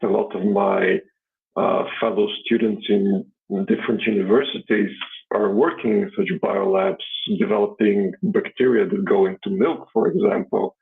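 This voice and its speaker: Gravelly man on a tinny line. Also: fairly low pitch. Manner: halting, hesitant, many fillers. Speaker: caller. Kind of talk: casual live audio chat.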